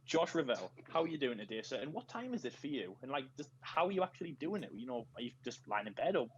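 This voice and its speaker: A man's voice: mid-range voice, big pitch swings, quick pace, lo-fi sound, a little hiss or hum. Northeast English man hosting a call. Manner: joking, rambling introductions. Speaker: host. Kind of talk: casual group video call chat. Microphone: video call.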